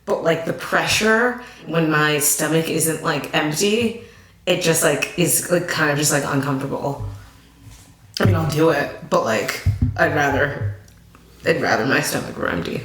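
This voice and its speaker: A woman talking casually in a rambling, halting way, full of filler words. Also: sits low, fairly bright tone. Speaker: guest. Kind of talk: casual chat. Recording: echoey room.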